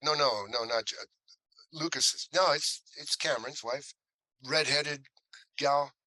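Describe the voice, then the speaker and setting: A man's voice: a little high, measured pace, no room sound, low-quality recording. An older male actor as interview guest, telling anecdotes casually and acting out the lines of people in them. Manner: animated anecdote teller, acts out quoted lines.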